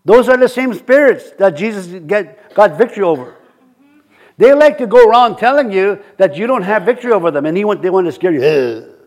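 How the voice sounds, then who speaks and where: A man's voice: high-pitched, animated, brisk, darkish tone. A middle-aged man preaching a sermon in a conversational way, often repeating words and building to emphatic points.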